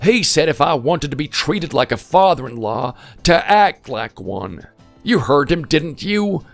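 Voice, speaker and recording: A man's voice: on the high side, sing-song, a little slow, creaky, soft background music, exaggerated voice. A man voicing an aggrieved older father-in-law in a voice-acted text story, talking in a plaintive, self-pitying way. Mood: complaining.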